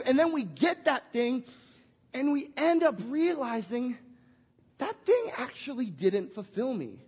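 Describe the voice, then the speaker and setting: A young pastor gives a family sermon in a very high, husky voice. He is playful and energetic, slipping into little acted scenes. The church hall lends it a long, echoing reverb. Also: unhurried.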